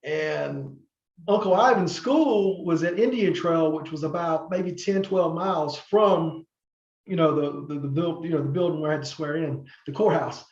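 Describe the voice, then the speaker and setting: A middle-aged man tells long stories as a podcast guest, rambling with fillers and restarts. His voice sits fairly high for a man. The sound is roomy and a little muffled. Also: normal speed, creaky, darkish tone. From North Carolina, USA. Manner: rambling, many fillers and restarts, acts out quoted people. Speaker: podcast guest, former wrestler. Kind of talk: casual interview storytelling.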